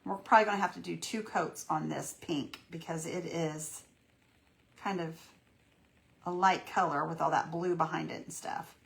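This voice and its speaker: This painting-demo host talks to her live audience in a warm, folksy style, cheering them on as she goes. Her voice sits low with vocal fry, and she keeps a steady tone at a moderate pace.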